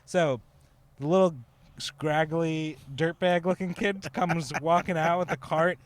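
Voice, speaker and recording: A man's voice: fairly high pitch, steady tone, unhurried. A man co-hosting a podcast, telling a story in a rambling, laughing way with lots of fillers. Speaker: podcast co-host. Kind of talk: casual storytelling chat.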